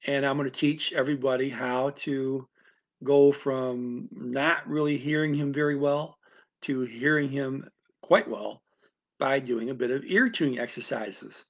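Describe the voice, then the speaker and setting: A man's voice: medium pitch, fairly even intonation, measured pace, lo-fi sound. A man teaching a language-learning method, explaining it in an unscripted, rambling talk full of restarts and asides.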